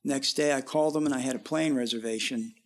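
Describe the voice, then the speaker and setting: A man's voice: mid-range voice, fast. A middle-aged man, a musician guest, telling long rambling stories in a casual interview. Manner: rambling, animated when quoting others.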